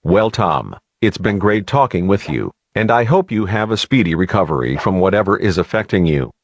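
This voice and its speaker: A man playing a radio news host, asking calm, measured questions in an amateur audio drama. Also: sits low, highs cut off, slight background noise. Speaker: radio interviewer.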